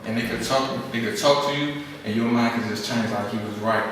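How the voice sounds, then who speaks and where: A man's voice: mid-range voice, a little fast, fairly bright tone. A young man giving a casual talk to an audience, telling stories and acting out quoted voices. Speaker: speaker at a skills program. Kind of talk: informal presentation to an audience. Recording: echoey hall from far off, faint noise.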